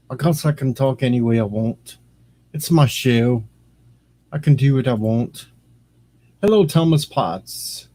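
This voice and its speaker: A man's voice: mid-range voice, unhurried, pauses often, mellow. A man casually chatting on his livestream, rambling and greeting viewers by name. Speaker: streamer and radio host.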